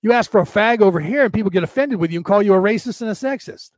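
American guy hosting a stream, rattles on fast with lots of "right?", voice a touch high, dry close mic. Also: dry recording. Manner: fast, rambling, full of "right?" and mock voices. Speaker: host of a live-streamed show. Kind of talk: casual rambling monologue. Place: home setup, camera off.

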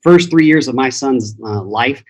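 Blunt, husky-voiced motivational man. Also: medium pitch, measured pace, rough recording. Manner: blunt, profane, acts out voices in quotes. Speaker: podcast guest, transformation teacher. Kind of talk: motivational storytelling.

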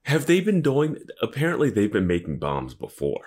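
A man's voice: mid-range voice, huge pitch swings, normal speed, darkish tone. A man co-hosting a podcast, chatting casually with an amused tone. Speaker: podcast co-host. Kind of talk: casual chat.

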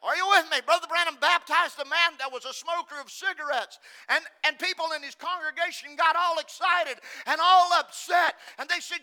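A man preaching a sermon, shifting from shouted lines to hushed, near-whispered ones and repeating phrases for emphasis. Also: very high voice, fairly even intonation, moderate pace, hardly any pauses.

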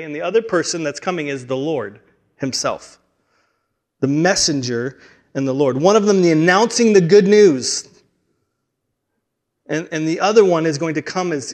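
A man preaching a sermon, telling the story with dramatic swings between hushed and emphatic delivery, often restarting his words. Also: a little high. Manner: frequent restarts and stumbles.

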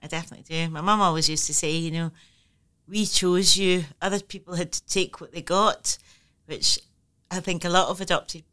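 Bright, clear woman reflecting. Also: sits low. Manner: thoughtful, candid, laughs often, many fillers and restarts. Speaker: interview guest, writer. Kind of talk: reflective conversational interview.

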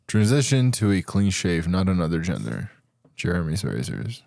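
A gruff, macho announcer barks a parody razor commercial, put on by a man. The voice sits very low, and the pitch is blunt and brash. The sound is dry, with no room around it. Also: very animated, normal speed, darkish tone, no room sound, exaggerated voice. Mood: mock-macho.

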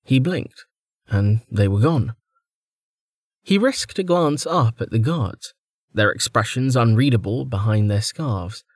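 A man reads an audiobook in a steady, measured way, his voice of middling pitch. The recording is close and dry, with no room sound behind him. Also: breathy edge, no echo. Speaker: audiobook narrator. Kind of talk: scripted narration.

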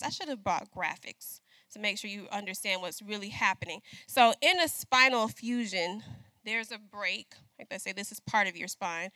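A woman's voice: fairly high pitch, bright, forceful tone, no echo. A middle-aged woman preaching a sermon in a conversational style, calling out to the congregation and asking them to agree.

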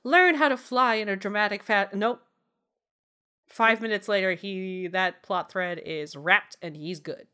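Bright-voiced sarcastic woman laughing. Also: medium pitch, a little slow, smooth. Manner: sarcastic, laughing, swearing, acts out characters. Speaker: podcast co-host. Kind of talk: casual film review chat.

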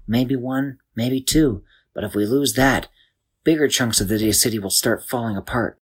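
A man voicing a polite, small male mayor with a balloon for a head, courteous and fretful, in a breathy voice. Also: medium pitch, moderate pace, lightly acted. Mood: anxious.

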